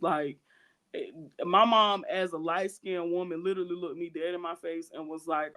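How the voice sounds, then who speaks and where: A woman's voice: fairly low pitch, moderate pace, bright, forceful tone. Woman co-host of a chat podcast; earnest, emphatic, hammers her points home by repeating them. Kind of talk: candid casual podcast chat.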